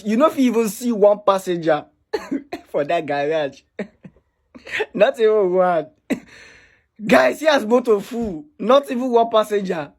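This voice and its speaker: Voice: medium pitch, expressive, moderate pace. Mocking speaker laughing in English. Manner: laughing, mocking, pidgin-flavoured. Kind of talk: casual commentary on a video.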